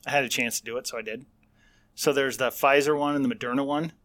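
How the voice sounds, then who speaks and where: A man's voice: mid-range voice, steady tone, fast talker, a bit bright. A middle-aged man co-hosts a podcast in loose, irreverent banter. He teases his partner, tells stories with mocking asides and laughs at his own jokes. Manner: joking, mocking, laughs often. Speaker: podcast co-host.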